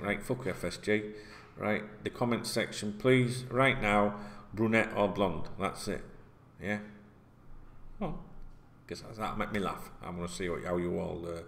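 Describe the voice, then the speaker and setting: A man's voice: lowish voice, normal speed, vocal fry, a bit bright. A man, loose and rambling. He swears constantly and speaks bluntly, drifting from one topic to the next in a casual rant. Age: 40s. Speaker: football vlogger.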